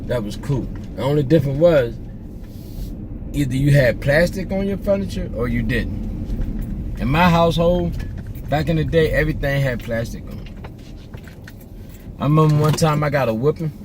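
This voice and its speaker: Driving along, this middle-aged man spins relaxed, jokey tales at a moderate pace, his voice fairly high and broken by long pauses. Slang and restarts fill his rambling talk, and background noise is audible.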